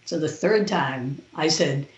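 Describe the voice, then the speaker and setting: A woman's voice: low voice, slow. Woman telling a vivid personal story. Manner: animated retelling with quoted voices. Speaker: podcast guest. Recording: roomy, dull lo-fi sound.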